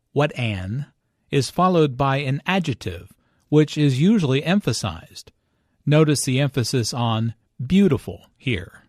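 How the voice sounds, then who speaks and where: Slow, deliberate man teaching English. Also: mid-range voice, no echo, clean studio sound. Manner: slow, careful, clearly enunciated delivery. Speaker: English teacher and dialogue reader. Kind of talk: scripted language lesson narration.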